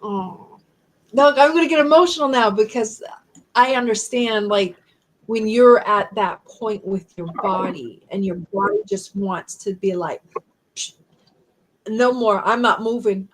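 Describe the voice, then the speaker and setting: A woman hosts a live-stream chat, speaking with earnest, heartfelt empathy. Her voice sits at a middle pitch for a woman, neither high nor low. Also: a little slow, slight background noise, poor audio. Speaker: host.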